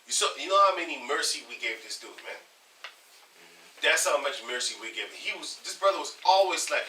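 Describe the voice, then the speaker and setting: Casual man leading a group chat, animated storyteller. Bright, tense voice, picked up from a distance in a roomy space. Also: mid-range voice, brisk. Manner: animated storytelling, acts out others' lines. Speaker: group leader. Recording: echoey room from far off, faint noise.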